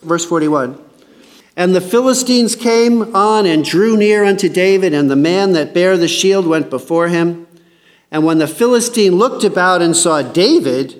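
High-voiced man giving a casual sermon. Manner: reads scripture aloud then comments in a chatty, joking way. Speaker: bible teacher. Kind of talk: casual sermon reading scripture.

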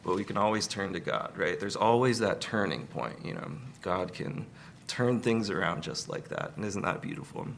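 Gravelly-voiced man preaching casually. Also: low-pitched, moderate pace, a little hiss or hum. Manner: conversational, relaxed, many fillers, light humor. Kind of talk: sermon.

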